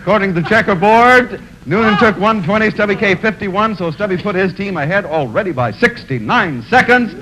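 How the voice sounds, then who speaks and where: A man's voice: sits high, lively intonation, brisk, hardly any pauses, pushed and bright. A man hosting a television game show, joking and teasing the contestants in a breezy way. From United States. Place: television studio with audience. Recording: noisy old 1960s TV broadcast audio.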